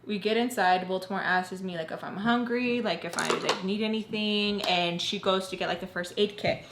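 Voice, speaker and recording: A young woman narrates a storytime vlog about her life, casual and chatty, with "like" filling her sentences. Her mid-range voice stays fairly even in intonation and moves at a moderate pace. The sound is echoey, as in a roomy space, with a faint hiss.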